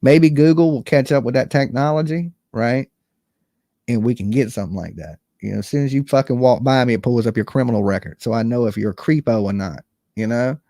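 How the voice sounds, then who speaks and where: A man's voice: medium pitch, a little fast, dark tone, no echo, clean studio sound. A man, hosting a true crime channel and chatting bluntly and casually, with plenty of swearing. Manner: blunt, profane, conversational, reads chat comments aloud. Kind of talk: casual livestream chat.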